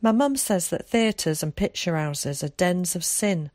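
A woman's voice: fairly low pitch, animated, measured pace, darkish tone, dry recording, studio quality. A woman reading aloud, voicing a shy, timid young boy asking wondering questions.

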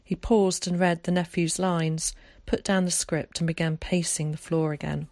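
A woman narrating an audiobook in a calm, measured way. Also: low-pitched, no room sound.

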